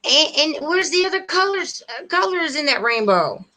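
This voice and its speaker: A woman hosting a livestream, rambling warmly and earnestly straight to her viewers in casual chat. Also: sits high, big pitch swings, moderate pace. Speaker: livestream host.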